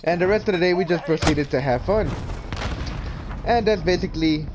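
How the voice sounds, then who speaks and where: A man's voice: a little high, moderate pace. A young man telling a casual story-time tale, rambling with many restarts and repeated words. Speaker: vlogger. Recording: noisy background.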